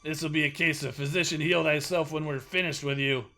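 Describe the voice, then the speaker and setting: A man's voice: a little high, steady tone, a little fast, pushed and bright, faint music behind. A man voicing a huffy male robot soldier, read in an indignant way close to his own voice.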